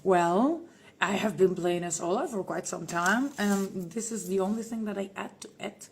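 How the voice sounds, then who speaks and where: A woman answering fan questions on a livestream, playful and theatrical, calling listeners "my dear" and often dropping into a hushed whisper. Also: medium pitch, normal speed, vocal fry, slightly rough. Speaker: band member answering fans on a livestream. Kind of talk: casual live Q&A reading fan comments.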